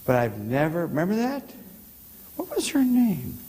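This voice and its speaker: A man's voice: high-pitched, wildly swooping pitch, mellow, in a large hall, low-quality recording. A man preaching as pastor, telling loose anecdotes with many restarts and questions to the congregation. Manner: halting, repeats words, asks the congregation questions. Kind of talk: rambling sermon anecdotes. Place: church sanctuary.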